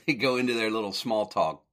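A man with a fairly low voice and a bright, forceful edge recaps an old comedy short in a loose, conversational way. He rambles, corrects himself and chuckles as he goes. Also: normal speed. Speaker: podcast host.

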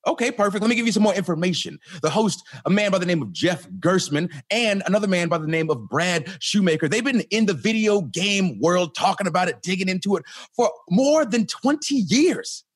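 A man reads a podcast ad with a lively, bouncing delivery and a slightly husky tone. His voice sits a bit high for a man, and the recording is close and dry. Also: brisk, hardly any pauses, no room sound. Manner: animated, upbeat, playful. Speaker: podcast co-host reading an ad. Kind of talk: ad read and casual chat.

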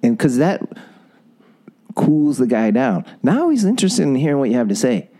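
A man's voice: medium pitch, very animated, moderate pace, dark tone, poor audio. A middle-aged man giving relationship advice as a podcast guest, coaching emphatically and acting out example lines.

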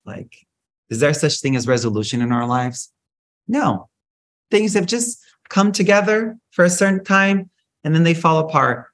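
A man hosting a solo spiritual podcast, talking in an animated, profane, rant-like way with big swings in pitch. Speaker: podcast host.

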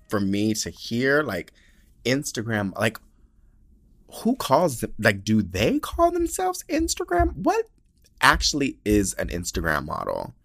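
A man hosting a podcast, chatting casually and reading listener letters in a sassy, profane, animated way, sounding tired. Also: fairly low pitch, no room sound, studio quality. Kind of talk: casual chat.

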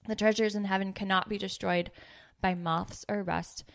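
A woman in her thirties hosting a faith podcast, with a mid-range voice and a creaky fry. She talks earnestly, teases her co-host and reads verses aloud. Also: medium pitch, fairly even intonation, moderate pace, fairly bright tone. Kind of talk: casual faith podcast chat.

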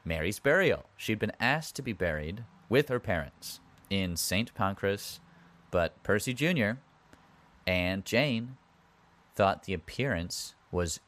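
Man, podcast host, casual history telling, wry asides, very low voice. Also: animated, takes it slowly, a bit bright. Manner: conversational, with asides and wry comments.

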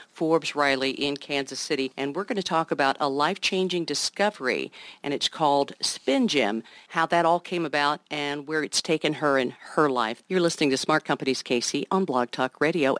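Brisk woman radio host, dry sound. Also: deep voice, lively intonation, no room sound. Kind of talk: radio interview.

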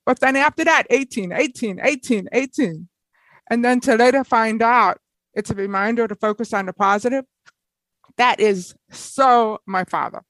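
A woman as an interview guest, telling personal stories in an animated, lively way with frequent laughs. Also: on the high side, normal speed, no room sound, rough recording. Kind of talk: personal storytelling in conversation.

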